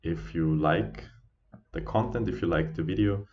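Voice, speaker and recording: A tired man talking casually through a live trading stream as its host, halting with many fillers and restarts. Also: deep voice. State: sleepy, yawning. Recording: dull lo-fi stream audio.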